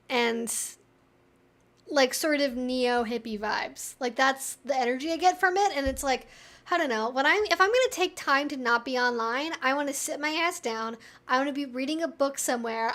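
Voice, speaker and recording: A young woman with a high, light voice hosts a relaxed live-stream Q&A from home. She talks in a chatty, candid way and fills her sentences with "like.". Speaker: live-stream host answering viewer questions. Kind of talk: casual live-stream Q&A chat.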